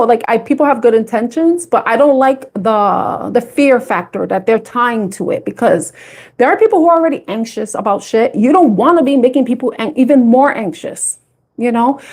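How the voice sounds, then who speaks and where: Chatty, animated woman tarot reader. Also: fairly high pitch. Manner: chatty, swearing, laughing often; animated storytelling. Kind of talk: casual chat to viewers.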